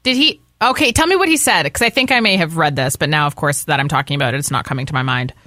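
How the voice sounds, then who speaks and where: A woman co-hosting morning radio, her voice bright and crisp, upbeat and casual. She sounds close and dry on a studio mic. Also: deep voice, quick pace, no room sound. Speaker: radio co-host. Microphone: studio microphone.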